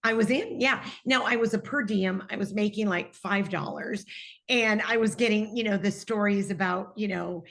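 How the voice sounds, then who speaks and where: A woman's voice: medium pitch, normal speed, creaky, fairly bright tone. A middle-aged woman, a TV personality, telling her own story earnestly in an interview and speaking openly of her faith. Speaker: TV personality and guest.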